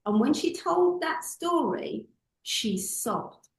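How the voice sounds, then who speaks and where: A woman's voice: high voice, slow pace, creaky, echoey room, rough recording. A woman, a public speaking coach, telling stories expressively as an interview guest. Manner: expressive, acts out voices in anecdotes.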